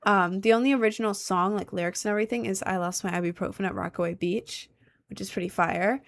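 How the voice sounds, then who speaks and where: A woman's voice: medium pitch, steady tone, fast talker. Young woman streamer, casual and scattered, talks straight to chat. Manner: rambling, chatty, swings between loud and mumbled. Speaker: livestreamer and musician. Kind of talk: casual livestream chat reading comments.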